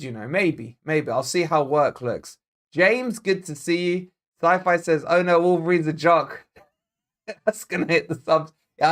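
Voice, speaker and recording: A man's voice: a little high, a bit bright. A man with a Scottish accent, born in Scotland, hosting a live football watch-along in a loose, jokey way and chatting back to viewer comments as he goes. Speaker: football fan channel host.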